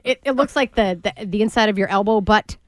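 A woman's voice: mid-range voice, brisk, no room sound. A woman co-hosting a talk radio show, chatting casually and playfully with jokey banter. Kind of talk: casual chat.

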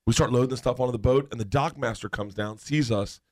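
A guest storyteller tells wild stories in a casual chat, animated and laughing often as he acts out the voices of the people in his anecdotes. His voice sits at medium pitch and he talks fast.

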